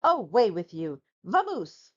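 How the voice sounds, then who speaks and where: A woman voicing a grumpy male bear who hates visitors, raising his voice in loud, exasperated outbursts in a storybook read-aloud. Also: mid-range voice, sing-song, slow, highs cut off.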